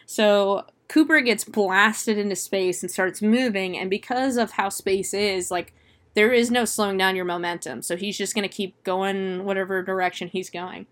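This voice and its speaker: A woman's voice: medium pitch, fairly even intonation, moderate pace. A woman casually retelling a movie plot in a chatty, profane way, full of fillers and laughs. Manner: laughs often while retelling. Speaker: film reviewer.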